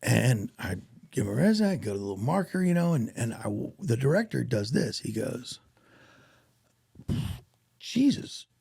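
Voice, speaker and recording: A man, an actor guest on a podcast, telling stories in a casual, animated way and acting out what others said. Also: mid-range voice, a little fast, vocal fry, slightly rough, no echo, clean studio sound. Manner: animated, acts out quoted voices. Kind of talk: casual storytelling interview.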